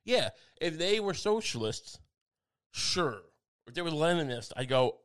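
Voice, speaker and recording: A man's voice: on the high side, big pitch swings, measured pace, fairly bright tone. A man ranting casually in a monologue, rambling and sardonic, with frequent swearing and restarts.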